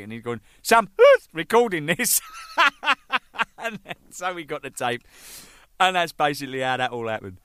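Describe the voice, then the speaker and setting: A man, a band drummer telling anecdotes in an animated way, swearing freely and laughing at his own jokes. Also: on the high side, clear, resonant tone, no echo. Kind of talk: anecdotal storytelling.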